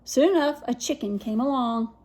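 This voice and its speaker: A woman reading a children's picture book aloud, expressive, with dramatic pauses and whispered asides. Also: a little high, background noise. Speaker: story reader.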